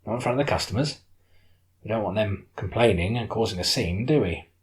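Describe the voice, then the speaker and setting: A cheeky boat skipper, as a man puts him on, playing innocent in a lifted, wheedling voice. He dodges and soothes, an audiobook figure with bright, eager delivery. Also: lowish voice, lively intonation, a little fast, lightly acted.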